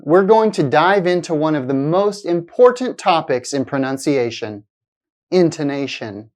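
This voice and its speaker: A woman teaching a pronunciation lesson in a scripted, clear manner, stretching out example sentences. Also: deep voice, darkish tone. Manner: clear, deliberate, exaggerated intonation in examples.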